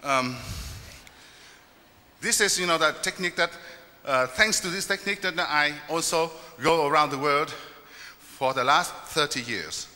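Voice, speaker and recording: Bright-voiced man on a stage. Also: a little high. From Vietnam. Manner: halting, playful, counts beats aloud. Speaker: stage performer and musician. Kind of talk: live stage demonstration. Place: stage in a hall before an audience. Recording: echoey hall.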